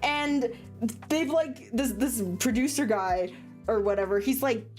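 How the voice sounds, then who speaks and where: A woman's voice: a little high, unhurried, soft background music. A woman streamer chatting casually on a livestream, rambling and laughing often. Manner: animated, giggly and rambling.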